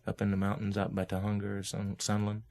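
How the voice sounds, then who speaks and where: Fast-talking man telling stories. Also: fairly low pitch, completely flat delivery, a little mellow. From Oklahoma. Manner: laid-back hip slang, laughs often, acts out voices in his stories. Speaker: guest musician. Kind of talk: casual storytelling.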